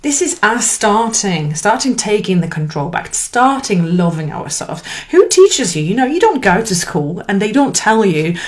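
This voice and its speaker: Woman, 30s, life coach, earnest, encouraging, lively pitch swings, motivational talk. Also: moderate pace, hardly any pauses.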